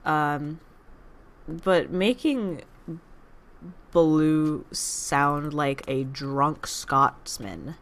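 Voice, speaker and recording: Low-voiced woman rambling over gameplay. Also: expressive, drawn-out words, long pauses. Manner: rambling, distracted chatter with asides; playfully teasing the game character. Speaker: gaming channel host. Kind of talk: let's play commentary.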